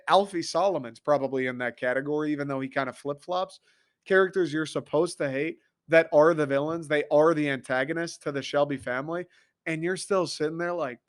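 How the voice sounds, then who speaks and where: An American man hosting a podcast, ranting casually about TV in an excitable, profane, animated way. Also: a little high. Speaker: podcast host. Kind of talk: casual solo rant.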